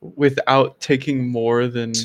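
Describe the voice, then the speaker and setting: A man's voice: medium pitch, level tone, takes it slowly. A young man co-hosting a podcast, talking about his travel plans in a laid-back way and dodging questions. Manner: laid-back, hedging answers. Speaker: podcast co-host. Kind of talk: casual chat among friends.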